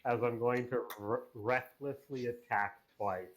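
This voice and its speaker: A man playing in a tabletop game, calmly reading out his rolls and actions. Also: medium pitch, a little slow. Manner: matter-of-fact, reads out dice rolls. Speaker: player. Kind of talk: casual game talk.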